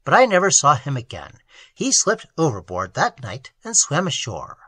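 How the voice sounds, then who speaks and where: A man reading a story voices a worldly man who tells his own tale wryly and calmly. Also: a little high, moderate pace, breathy edge, no echo, full character voice. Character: worldly adult man telling a tale, wry.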